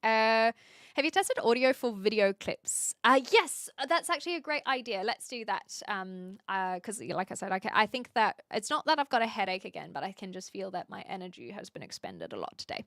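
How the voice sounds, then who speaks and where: Streamer: woman from New Zealand, smooth lively voice, chatty with frequent restarts, close dry mic. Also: mid-range voice, a little fast, dry recording. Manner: chatty, restarts words often. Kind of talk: casual chat answering viewers.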